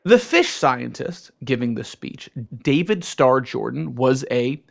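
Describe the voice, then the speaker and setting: A man's voice: medium pitch, lively intonation, slow pace, vocal fry. A man co-hosting a podcast, chatting casually and narrating with sarcastic jokes. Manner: joking, sarcastic. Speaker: podcast co-host.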